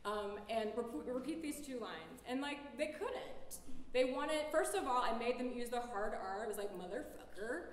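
A woman's voice: fairly high pitch, expressive, normal speed. A woman artist giving a casual public talk in a lecture hall, loose and chatty, peppering her speech with "like" and laughing easily.

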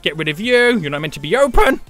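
A young man runs a live game stream full of hyped, jokey energy, animated and greeting members of his chat. He talks fast in a bright, forceful tone, his pitch swinging widely between phrases, with soft music playing in the background.

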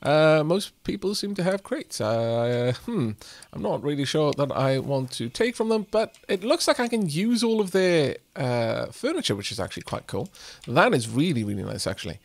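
A man's voice: fairly high pitch, sing-song, moderate pace, vocal fry, no echo. A young man casually commentating while playing a game, joking and reading text aloud. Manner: playful, reads text aloud, jokes, many fillers. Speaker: let's play host.

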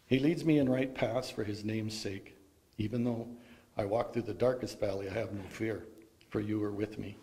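A man serving as lay reader at a funeral, reading scripture and leading the psalm response with clear projection. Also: lowish voice, fairly even intonation, moderate pace, mellow.

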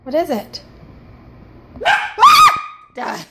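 A woman filming her dog at home, talking to it in a playful, excitable, coaxing way. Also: high voice, unhurried, very noisy. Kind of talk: casual home video. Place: home indoors.

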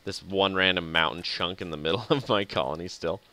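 He talks a little fast in a deep, bright, forceful voice, casually working through a strategy game on a live stream. Frequent chuckles and muttered asides fill the commentary, with faint game music in the background.

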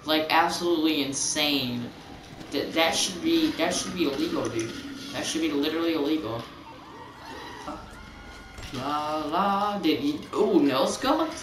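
A man giving casual, excitable gameplay commentary, rambling and repeating his exclamations as he plays. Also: a little high, a little slow, pauses often. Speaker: gaming channel host. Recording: roomy, distant mic, noisy.

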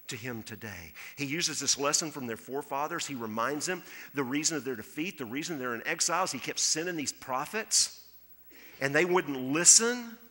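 A pastor preaching a conversational sermon, acting out quoted voices and dropping to a hush for his appeals. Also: mid-range voice. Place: church sanctuary. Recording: hall reverb in a church.

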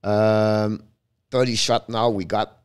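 A man calling live hockey play-by-play in halting English, breaking off to chat with viewers. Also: on the low side, flat delivery, smooth. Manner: halting non-native English, rapid call of the action; chats with viewers between plays.

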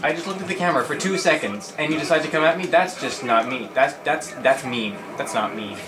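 A young man hosting a let's play, giving goofy, rambling, excitable commentary on a game. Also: fairly high pitch, brisk. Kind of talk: casual gameplay commentary. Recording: roomy sound with game music.

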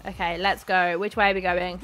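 A young woman, chatting casually as she commentates her own gameplay, excitable and quick to shriek. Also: lowish voice, smooth, faint music behind. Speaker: gaming YouTuber.

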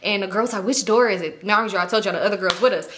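Bright-voiced young woman telling a wild storytime. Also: mid-range voice, fast talker, a little hiss or hum. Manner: animated, slangy, swears freely, acts out her own lines. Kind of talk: casual storytime monologue.

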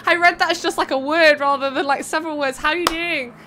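A woman's voice: high voice, fairly even intonation, a little fast, pushed and bright, slight background noise. A young woman streamer commentating a racing game event and chatting with viewers in a bubbly, giggly way. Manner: bubbly, giggly, chats to viewers between calls. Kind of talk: live race commentary and chat.

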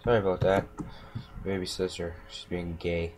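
A man plays games in his home room, casually commenting, mumbling and talking to himself. He speaks at normal speed with a low, darkish voice and flat delivery, and keyboard clicks run through the noisy recording.

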